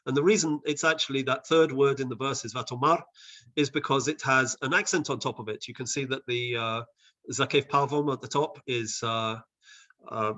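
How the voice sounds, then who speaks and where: A man who advises on Bible translation, leading a session on a video call with thoughtful explanations, often pausing and restarting. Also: medium pitch, fairly bright tone, lo-fi sound. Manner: thoughtful, with frequent hesitations and restarts. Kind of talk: explanatory teaching talk.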